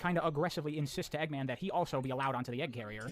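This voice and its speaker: A man briskly recapping a game's story with blunt, sarcastic commentary and casual swearing. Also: fairly high pitch, a crowd in the background. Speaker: video essayist narrating a story recap.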